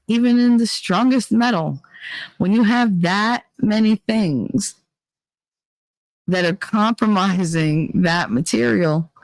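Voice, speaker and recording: A woman's voice: fairly low pitch, darkish tone. A woman streamer chats frankly and jokes with her viewers, her voice sounding a bit worn and tired. The sound is dry and close, with no room echo at all. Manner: candid, joking, drifts between reading chat and musing aloud. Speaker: livestream host reading chat. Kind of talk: casual livestream chat.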